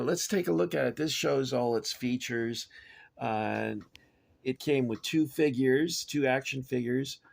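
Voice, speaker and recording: A man's voice: medium pitch, vocal fry. An older American man reviewing toys in a casual, rambling way, with frequent fillers and tangents. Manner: digressive, chatty, frequent filler words. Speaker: toy collector reviewer.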